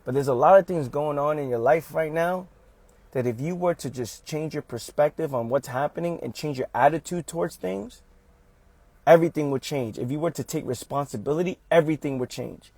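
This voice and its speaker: A man's voice: fairly high pitch, fairly quick, a little mellow, dry recording. Emphatic man giving a motivational talk. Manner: emphatic, repetitive, calls listeners "fam". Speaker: motivational speaker.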